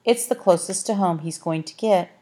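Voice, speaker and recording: A woman's voice: on the low side, normal speed, mellow, lightly acted. A woman reading the part of a haughty, brusque talking cat, with a dry, clipped, condescending manner in a storybook. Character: haughty brusque orange tomcat guide.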